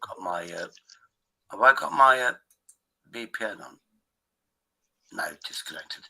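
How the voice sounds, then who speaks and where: A man's voice: lowish voice, animated, a little slow, creaky, bright, forceful tone, poor audio. A man hosting a live stream, rambling in a casual, profane way. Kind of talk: casual chat.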